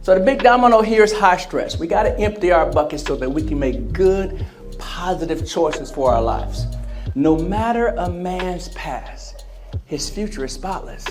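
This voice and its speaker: Over background music in a large convention center hall, a male motivational speaker addresses emotional wellness at a conference. High-pitched and lively in intonation, moderately paced, he engages listeners with questions and quotes he acts out.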